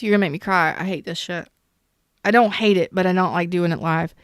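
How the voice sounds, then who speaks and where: Greeting chat viewers during her live-streamed tarot reading, this woman talks candidly, swears freely, and shows strong emotional intensity. Her lowish, clear, resonant voice is fairly quick with fairly even intonation, in a dry, clean studio recording.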